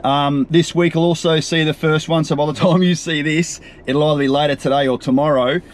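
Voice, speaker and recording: A man with an Australian accent hosting a casual vlog, talking in a chatty, upbeat way with a lot of ums and uhs while he drives. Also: a little high. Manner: chatty and upbeat, with frequent fillers. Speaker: property coach and show host. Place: in a vehicle on a drive. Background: faint road and traffic noise.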